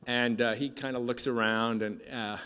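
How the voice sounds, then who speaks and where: A man's voice: mid-range voice, steady tone, clean tone. Man telling a moving story on stage. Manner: halting, with many restarts and fillers; moved, voice dropping soft at times. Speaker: keynote speaker. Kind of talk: emotional storytelling speech. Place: conference hall. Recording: hall reverb from a stage speech.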